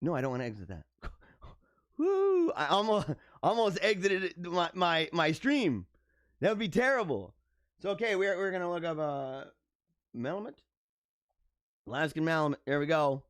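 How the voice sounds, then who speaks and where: A man hosting a live stream, chatting casually with viewers in a joking, animated way, laughing often and stumbling over his words. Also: fairly high pitch, moderate pace, no room sound, studio quality. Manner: animated, joking, frequent laughs and stammered restarts.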